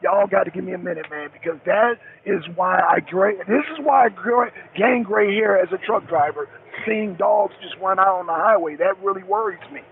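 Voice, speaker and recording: This middle-aged trucker phones a talk show, his high voice moving at normal speed with hardly any pauses. He goes on and on, circling back to the same points and swearing a lot, all through a tinny line with faint hiss.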